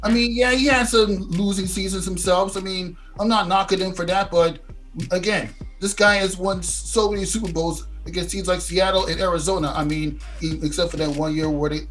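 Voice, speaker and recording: A man's voice: high voice, steady tone, fairly quick, a bit bright, faint music behind. A man hosting a casual sports podcast, hyped and steering the talk with questions. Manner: hyped, asks questions, leads the segments. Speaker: podcast host.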